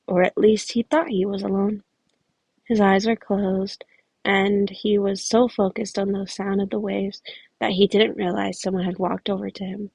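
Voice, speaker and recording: Casual woman podfic reader; gravelly, husky, very dry recording. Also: mid-range voice, flat delivery, normal speed, a little mellow, no room sound, poor audio. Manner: casual, self-correcting with chatty asides. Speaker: fan fiction reader. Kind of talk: podfic narration.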